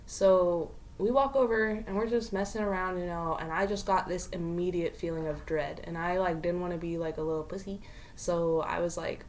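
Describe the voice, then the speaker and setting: A young woman co-hosting a podcast, telling a scary story with animated, slangy delivery and frequent swearing. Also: lowish voice, normal speed, a little hiss or hum. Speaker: podcast co-host. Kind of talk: casual storytelling chat.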